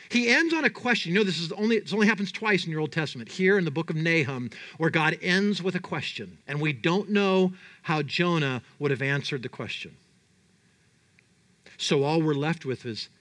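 A man preaching a conversational, animated sermon and often putting questions to his audience. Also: on the high side, moderate pace. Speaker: pastor.

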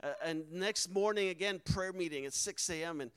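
A man's voice: high-pitched, moderate pace, a bit bright, smooth, dry recording, rough recording. A man, a missionary, telling a personal testimony with earnest emotion and acting out the quoted dialogue. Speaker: missionary speaker.

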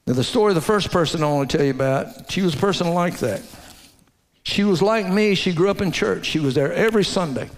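A man preaching a sermon, telling a story in a folksy way and dropping to a hushed low voice to stress his points. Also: fairly quick. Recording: long hall reverb.

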